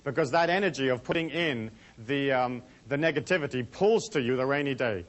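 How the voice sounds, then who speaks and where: A man's voice: medium pitch, a little fast. A man giving a casual lecture to a live audience, rambling and chatty with many asides. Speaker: seminar speaker.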